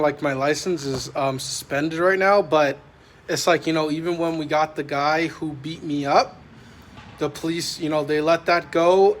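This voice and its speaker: Casual male vlogger, meandering and filler-heavy, pitched a bit high, light background hum. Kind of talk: casual rambling vlog talk. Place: parked vehicle at night, microwave nearby.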